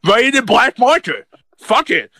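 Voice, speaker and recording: A man chatting as a podcast co-host, rambling and self-mocking in a casual, animated way. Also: very high voice, moderate pace, dry recording. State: deaf in left ear. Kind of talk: casual chat.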